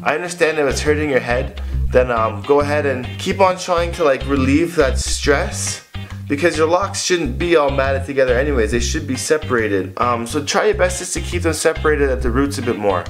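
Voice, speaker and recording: A man's voice: mid-range voice, fairly quick. A man hosting a casual video Q&A, talking in a loose, playful, chatty way. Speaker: vlogger giving hair advice. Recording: guitar music playing behind.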